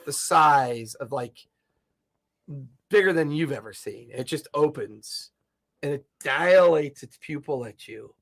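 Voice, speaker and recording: A man's voice: a little high, expressive, takes it slowly, a bit bright. A man narrating a tabletop game as game master, describing scenes vividly and laughing often.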